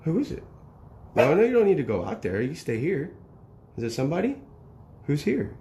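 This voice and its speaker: A man's voice: on the high side, wildly swooping pitch, brisk, dark tone, slight background noise. A man chatting casually on a live stream, coaxing his dog in a playful sing-song way. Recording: echoey, roomy sound with faint ambience.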